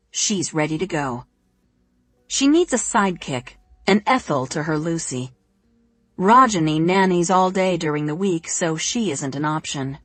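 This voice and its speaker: Low-voiced woman narrating a novel. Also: no room sound. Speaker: audiobook narrator. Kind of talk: scripted narration.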